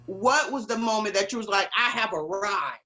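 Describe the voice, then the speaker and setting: A woman hosting a casual interview, playful and quick to laugh, sharing stories about her own kids. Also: mid-range voice, pushed and bright, faint music behind, poor audio. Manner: playful, giggly, teasing. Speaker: host.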